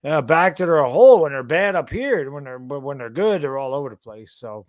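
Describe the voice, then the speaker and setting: A man in his thirties co-hosts a sports talk stream, tired and yawning as he chats loosely. His voice is fairly high and fairly quick, and he rambles through relaxed storytelling.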